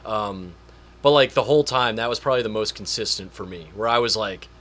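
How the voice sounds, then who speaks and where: A man's voice: fairly low pitch, a little fast, fairly bright tone. A man chatting casually on a podcast, rambling with lots of repeats and fillers. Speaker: podcast guest. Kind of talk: casual chat.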